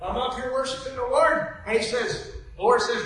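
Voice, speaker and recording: Bright-voiced woman preaching in an echoing hall. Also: sits high, moderate pace. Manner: chatty, animated storytelling with laughs. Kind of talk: storytelling sermon. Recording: echoey church hall, mic from a distance.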